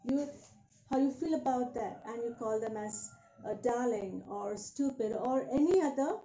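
A woman's voice: fairly high pitch, normal speed, dark tone, highs cut off. A woman English teacher patiently explaining word meanings while reading a story aloud on a phone livestream. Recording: echoey room.

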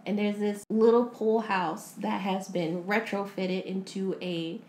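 A woman hosting a podcast, recapping a movie in a lively, casual way and acting out the lines with laughs. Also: medium pitch, measured pace, roomy sound, slight background noise. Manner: animated, laughing, acts out quotes. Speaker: podcast host.

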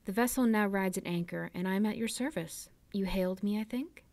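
A woman's voice: mid-range voice, fairly quick, a little mellow, no echo, lightly acted. A woman reading aloud, voicing an earnest young male ship's mate with a respectful, plainspoken manner.

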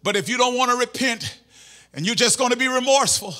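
A man preaching a sermon as pastor in a church, impassioned, shouting and half-singing phrases. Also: very high voice, quick pace.

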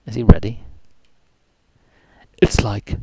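A man's voice: lowish voice, slow pace, warm tone, a little hiss or hum. A man with a mild Geordie accent, hosting a live music stream and rambling jokily to fill time. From North East England. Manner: jokey, chatty, self-deprecating rambling. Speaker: livestream host.

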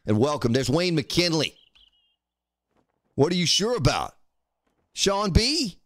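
A man's voice: fairly high pitch, big pitch swings, slow pace, fairly bright tone, no room sound. A man live-streaming a survival game, chatting casually, joking and greeting viewers in the chat by name.

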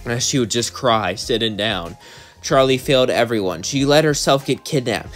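Casual young man host, rambling fan story narrator, mid-pitched. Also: normal speed, fairly bright tone, faint music behind.

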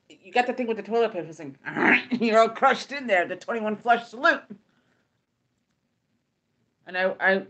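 A woman's voice: mid-range voice, a bit bright. A woman casually telling a personal story, rambling and stumbling over her words, swearing freely. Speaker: ASMR creator.

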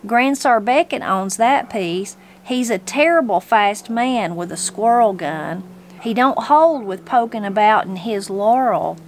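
A woman's voice: medium pitch, expressive, measured pace, a little hiss or hum. A woman voicing a fierce, shrewd elderly mountain granny. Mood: firm. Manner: plain-spoken, stubborn.

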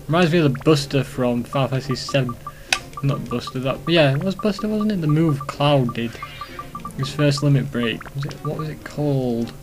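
A young man giving rambling, profane commentary while playing a video game, excitable and talking to himself. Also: mid-range voice, normal speed, creaky, soft background music. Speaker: let's play host. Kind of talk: casual gameplay commentary.

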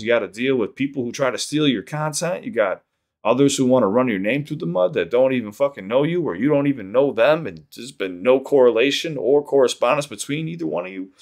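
Rambling high streamer from Chicago. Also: male voice, darkish tone. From South Side of Chicago. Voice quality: rambling, profane, repeats himself. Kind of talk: casual livestream chat.

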